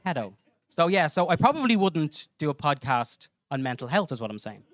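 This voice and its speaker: A man's voice: on the high side, a little fast, dry recording. A man doing a crude stand-up comedy set on a club stage, acting out voices. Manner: crude, animated, acts out voices.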